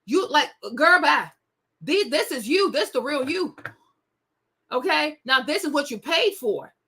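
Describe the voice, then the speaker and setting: A woman's voice: high voice, sing-song, a little slow, bright, forceful tone. A young woman hosting a celebrity gossip show, talking in a sassy, indignant way straight to her viewers. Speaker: host. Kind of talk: casual celebrity gossip commentary.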